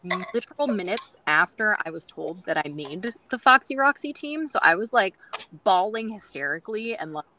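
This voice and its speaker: A woman's voice: medium pitch, lively intonation, moderate pace, pushed and bright, slight background noise, rough recording. A woman guest on a groomers' podcast, telling stories in a chatty way with many fillers and acting out quoted dialogue. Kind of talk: casual storytelling interview.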